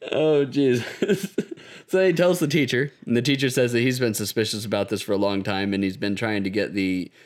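A man casually recapping an anime episode with friends, swearing often and laughing, animated in his retelling. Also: medium pitch, normal speed. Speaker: podcast co-host.

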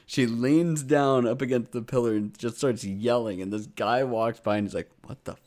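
Speaking at a normal speed in a mid-range voice, a man co-hosts a laid-back podcast where he recaps anime episodes. His delivery is animated and full of swearing, and he performs characters' lines in a raised voice.

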